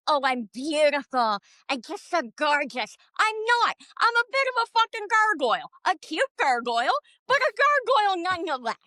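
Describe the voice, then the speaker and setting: A middle-aged woman talking on a podcast in animated, profane, self-mocking rants. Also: high-pitched, no room sound. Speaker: podcast guest. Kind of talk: casual podcast conversation.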